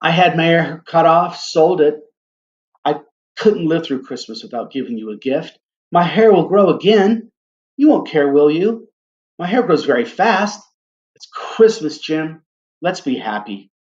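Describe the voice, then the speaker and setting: A man's voice: lively intonation, a little slow, highs cut off. A man voicing a young wife in a storybook reading, his voice raised and pleading. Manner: raised pitch, earnest and pleading.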